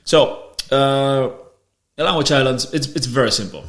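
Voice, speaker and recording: Speaking a little slowly in a mid-range voice with a slightly bright quality, a man hosts a podcast and casually explains ideas. He restarts and repeats words often, and the room adds a noticeable echo.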